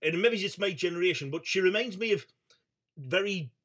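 A man's voice: high voice, expressive, a little fast, fairly bright tone. A middle-aged man, hosting a call-in radio show and rambling in a chatty, sweary way. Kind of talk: casual call-in chat.

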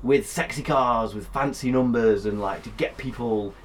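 A man co-hosting a car podcast, chatting in an animated, jokey way with casual swearing. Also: medium pitch, normal speed, a little hiss or hum. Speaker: podcast co-host. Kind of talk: casual chat.

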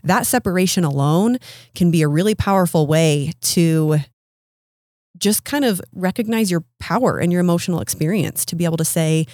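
A woman's voice: on the low side, moderate pace, a little mellow, dry recording, clean studio sound. A woman in her thirties speaking as a podcast guest, explaining her ideas in an earnest, coaching way. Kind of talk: casual interview conversation.

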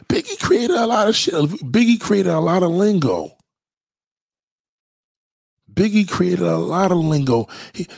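A man's voice: high-pitched, gravelly, husky, no echo. A middle-aged man from New York with a New York accent, talking casually in heavy slang, profane and repetitive. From New York City. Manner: profane, animated, heavy slang, repeats himself. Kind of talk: casual street-talk monologue.

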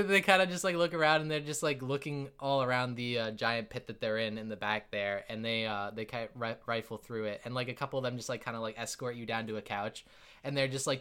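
A man's voice: mid-range voice, steady tone, brisk, a bit bright, clear, resonant tone. A man narrating a tabletop game as game master, rambling with many fillers and frequent laughter.

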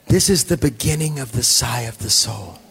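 A male pastor, preaching a sermon in a casual storytelling way that drops to hushed, sighing asides. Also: medium pitch, animated, normal speed, gravelly, breathy edge.

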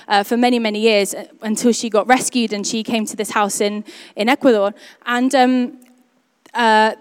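A woman's voice: a little high, smooth, no echo, studio quality. A young woman speaking to a church group, telling a personal testimony in a chatty way full of "um" and "like". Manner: chatty, many fillers like "um" and "like".

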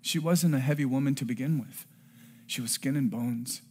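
A middle-aged man preaching a sermon and telling a personal story, earnest, rising to loud emphasis and dropping to hushed tones. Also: mid-range voice, moderate pace, breathy edge. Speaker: pastor.

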